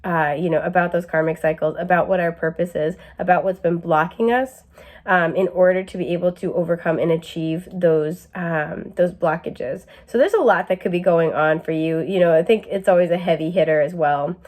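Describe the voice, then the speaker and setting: A woman's voice: fairly low pitch, normal speed, a little mellow. Chatty young woman tarot reader. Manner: chatty, many fillers, asides to camera. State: occasional cough. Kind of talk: casual astrology reading.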